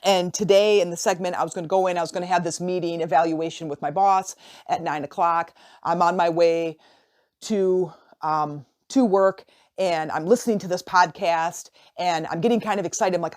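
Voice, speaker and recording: Woman, lowish voice, casual motivational podcast talk, storytelling, repeats herself. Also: normal speed. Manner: storytelling, repeats and restarts phrases; animated, acts out imagined dialogue. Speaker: podcast host and life coach.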